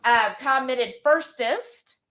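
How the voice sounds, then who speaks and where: High-voiced chatty woman hosting a cooking stream. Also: slow. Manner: chatty, rambling, excited. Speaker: cooking live-stream host. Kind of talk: casual live-stream chat.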